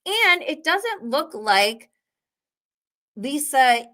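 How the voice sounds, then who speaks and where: Slow-talking, giggly woman host. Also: high-pitched, big pitch swings, bright, forceful tone. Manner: chatty and giggly, reading viewer comments aloud. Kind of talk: live show recapping reality TV.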